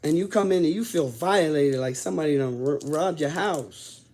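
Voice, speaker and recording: A man casually telling his own story in blunt, profane talk. He drops low and subdued, then climbs loud and worked up as he relives it. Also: normal speed. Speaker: host telling his own prison stories.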